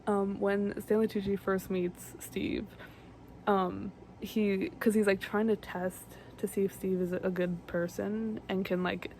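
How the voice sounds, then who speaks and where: A woman's voice: medium pitch, vocal fry, a little mellow, slight background noise. A young woman casually recapping a movie, filler-heavy and chatty, often acting out the characters' lines. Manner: chatty, lots of likes and ums, acts out quotes. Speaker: vlogger.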